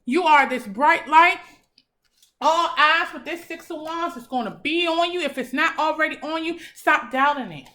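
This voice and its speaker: A woman's voice: high voice, moderate pace, sharp tone. A young woman giving a tarot reading in a casual, blunt and encouraging way, swearing freely. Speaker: tarot reader.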